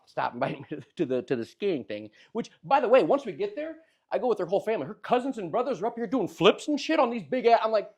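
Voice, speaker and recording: A young man telling a funny story in casual chat, animated and often laughing as he acts out what people said. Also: sits high, fast talker, husky. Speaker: podcast host telling a story.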